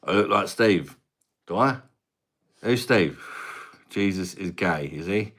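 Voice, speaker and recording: A British man hosting a casual live-stream beer review, his voice sitting low and deep. He banters loosely with viewers, laughs a lot and drops the odd casual swear word. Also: expressive, takes it slowly, a bit bright. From Britain.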